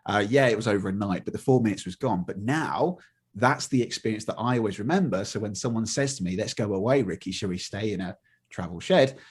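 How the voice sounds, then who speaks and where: This middle-aged man, a motivational speaker, recounts stories in a conversational interview and voices the dialogue in different characters' voices. His voice is fairly low-pitched and husky, with a brisk delivery.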